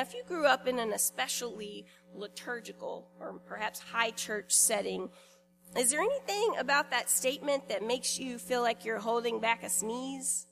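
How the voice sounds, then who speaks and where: A woman pastor giving a sermon in a church in a conversational, lightly humorous way, pausing deliberately between phrases. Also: fairly high pitch, fairly bright tone.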